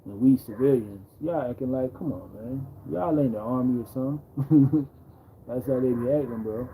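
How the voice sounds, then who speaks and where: Laid-back male livestream host, dark mellow tone, faint background hiss, keeps repeating "bro". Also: medium pitch, normal speed, rough recording. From Jamaica. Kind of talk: casual livestream storytelling.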